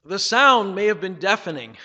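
A man preaching a sermon, reading scripture dramatically and swinging between loud passages and hushed ones. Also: sits high, expressive, normal speed, big-room sound, muffled recording. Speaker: pastor.

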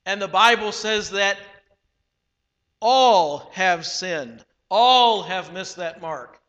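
A man preaching a sermon in a measured, emphatic way, slowing down on key phrases. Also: high voice, animated, fairly bright tone, dull audio. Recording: long hall reverb.

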